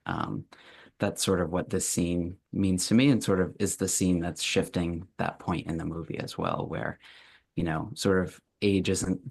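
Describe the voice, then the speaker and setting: A man's voice: low voice, steady tone, a little slow, creaky, darkish tone, slightly rough. A man speaking as a guest on a panel discussion, thoughtful, with many hesitant fillers.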